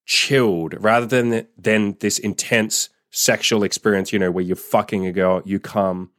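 A man's voice: on the low side, steady tone, measured pace, fairly bright tone, dry recording, clean studio sound. A man coaching listeners in a blunt, profane, laid-back advice monologue. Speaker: dating and sex coach.

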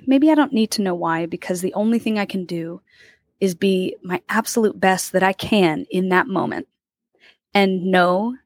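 A woman's voice: lowish voice, no room sound. A woman in her twenties, a guest actor, telling stories in a casual interview, acting out the people she quotes and laughing often. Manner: animated storyteller, acts out quoted voices, laughs often.

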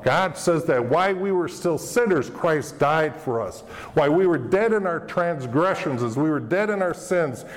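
A man preaching a sermon as pastor, earnest, acting out quoted voices of people now and then. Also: on the high side. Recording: long hall reverb.

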